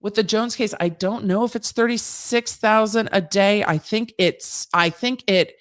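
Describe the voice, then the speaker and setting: A woman's voice: mid-range voice, measured pace. Chatty woman legal livestream host. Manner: chatty, conversational, with frequent restarts and asides; breezy and sassy, mixing slang into legal talk. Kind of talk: casual livestream Q&A, answering viewer chat.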